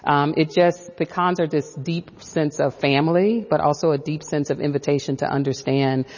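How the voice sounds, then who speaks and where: A woman professor and author, a guest on a radio interview, speaking thoughtfully and often pausing on "um". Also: low-pitched, steady tone, darkish tone, in a large hall, dull audio.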